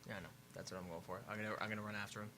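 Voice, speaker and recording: A man's voice: lowish voice, steady tone, racing, sharp tone, a little hiss or hum. A man playing in a tabletop game, talking casually, often stammering and hesitating. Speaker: player.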